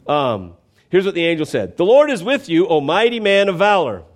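A man's voice: high-pitched, big pitch swings, moderate pace. A man preaching a conversational, emphatic sermon, often checking in with the congregation.

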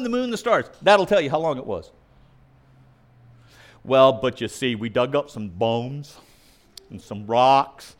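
Emphatic high-voiced male preacher. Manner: emphatic, argumentative, mimics opponents' objections; swings between loud punchy lines and quiet asides. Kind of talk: sermon.

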